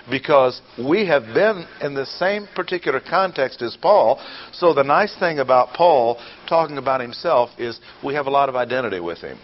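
A man's voice: mid-range voice, lively intonation, a little hiss or hum. Man teaching a Bible lesson. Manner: deliberate, explanatory, repeats key points. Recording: dull lo-fi recording.

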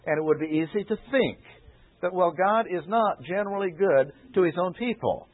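A man preaching, giving a deliberate expository Bible lesson and repeating key phrases for emphasis. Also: high voice, animated. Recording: tinny phone-like old radio recording.

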